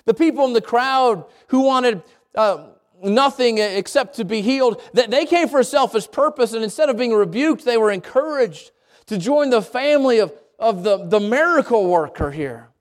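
A male pastor preaching a sermon, animated and talking straight to his congregation. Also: moderate pace. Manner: animated, swings pitch widely, addresses congregation directly.

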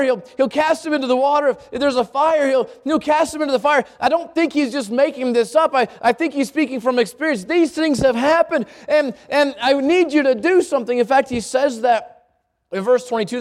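A man preaching a sermon. He reads scripture aloud in a lower voice, often repeats words as he thinks, and asks the congregation questions.

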